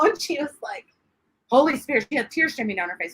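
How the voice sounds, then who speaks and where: A woman, a guest sharing her faith testimony in an interview, animated and quick to laugh as she acts out what people said. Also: sits high, slightly rough, rough recording. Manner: animated storyteller, laughs often, acts out quotes.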